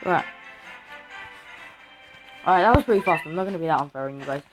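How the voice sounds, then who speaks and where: A woman's voice: deep voice, animated, quick pace, over music, rough recording. A woman giving casual, chatty commentary while playing a mobile game, cheering on her units. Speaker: gaming video creator.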